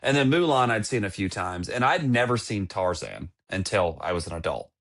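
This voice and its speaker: A man's voice: lowish voice, big pitch swings, moderate pace, fairly bright tone. A man in his thirties, co-hosting a podcast, chatting enthusiastically and rambling. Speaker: podcast co-host. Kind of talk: casual chat.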